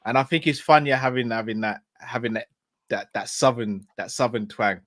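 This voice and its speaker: A man's voice: medium pitch, normal speed, fairly bright tone, no room sound. A man from England co-hosting a casual football chat online, reading out viewer comments and laughing easily. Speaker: podcast co-host.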